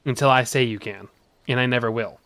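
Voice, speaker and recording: Playful streamer guy, bright and dry close-mic, giggly banter with chat. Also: mid-range voice, fairly quick, no echo. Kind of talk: casual game-stream chat.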